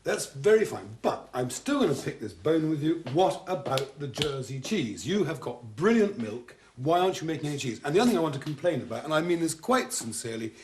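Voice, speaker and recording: A man's voice: on the high side, sing-song, fairly quick, few pauses, a little mellow, echoey room. A man hosting a 1980s TV cooking show, theatrical and teasing as he chats with a guest. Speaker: TV cook host. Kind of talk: casual chat. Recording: faint hiss on 1980s TV audio.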